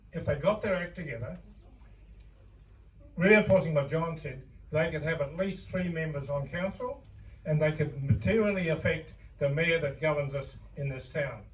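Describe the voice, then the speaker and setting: A man with a New Zealand accent speaking earnestly from the audience at a public meeting, halting at times. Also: a little high. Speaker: audience member. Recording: distant mic with faint noise.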